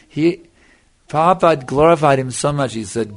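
Older guy with a gravelly voice, preaching earnestly, keeps saying you see. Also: medium pitch, animated, a little fast. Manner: earnest, repeats "you see", answers questions. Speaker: spiritual teacher. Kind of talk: devotional lecture.

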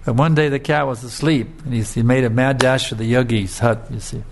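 A man's voice: medium pitch, brisk, creaky, a little hiss or hum. Man preaching with a conversational story. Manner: conversational, frequent filler tags, lively storytelling. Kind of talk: sermon with storytelling.

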